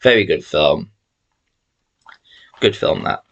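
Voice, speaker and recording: A man's voice: rumbling low, expressive, slow pace, vocal fry, fairly bright tone, highs cut off. A man chatting casually to camera as a video host, rambling with emphatic opinions. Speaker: channel host showing his film collection. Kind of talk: casual vlog talk to camera.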